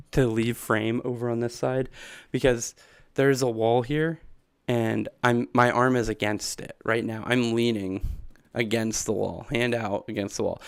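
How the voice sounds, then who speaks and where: Rambling man streaming, gravelly voice. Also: mid-range voice, no room sound, clean studio sound. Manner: rambling, laughs often. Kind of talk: casual livestream chat. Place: small indoor room.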